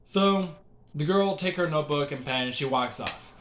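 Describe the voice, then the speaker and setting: A man's voice: a little high, normal speed, background noise. A young man telling a story in a casual, rambling way, full of fillers and restarts.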